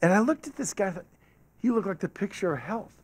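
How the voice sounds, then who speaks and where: A man's voice: high-pitched, quick pace, slightly rough. A man telling a story as a guest speaker to a club audience, acting out the voices of the people he quotes. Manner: animated, acts out quoted voices. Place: meeting hall with an audience. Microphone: podium microphone.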